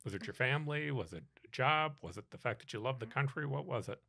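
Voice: medium pitch, animated, fast, gravelly, sharp tone, no echo. A podcast host interviewing a guest, with short prompting questions. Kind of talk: conversational interview.

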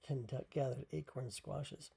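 A parent reading a picture book aloud at bedtime, softly and half-whispered. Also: medium pitch, steady tone, gravelly, slightly rough. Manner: soft, half-whispered, unhurried.

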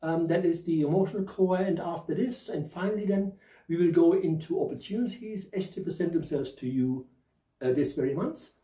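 Hosting a chatty, jokey tarot reading, this tarot reader has a German accent and a slight lisp caused by new dentures, and he laughs at himself. He speaks a little high, fairly quick, and mellow. The audio is poor, with an echoey room and a distant mic.

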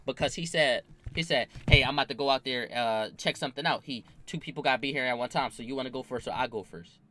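A man's voice: medium pitch, fast. A young man telling a story in casual slang, acting out the voices of the people in it. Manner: animated, acts out quoted voices, slangy.

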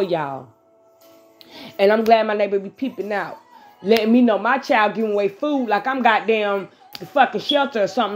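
A woman with a slightly high voice talks straight to her viewers in a blunt, profane, animated way. She moves easily between venting and a casual tarot reading. Faint music plays softly behind her. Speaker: vlogger doing a live tarot reading.

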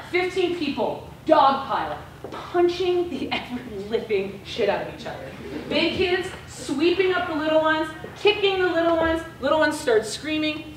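An American woman giving a guest lecture to a class, telling a story in a frank, casual, lively way. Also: high-pitched, slight background noise. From United States. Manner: animated storyteller, casual and frank with mild swearing. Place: lecture room. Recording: echoey room, voice from far off.

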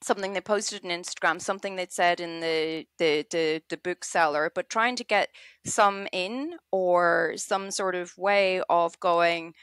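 A woman, an author chatting in an interview, animated and quick to act out little quoted scenes. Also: on the low side, clear, resonant tone, no room sound, clean studio sound. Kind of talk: casual interview chat.

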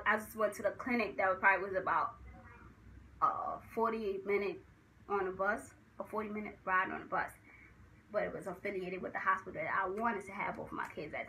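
A young woman telling the story of giving birth in a casual vlog, animated and acting out what people said. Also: a little hiss or hum, rough recording. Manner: animated, acts out quotes with rising pitch.

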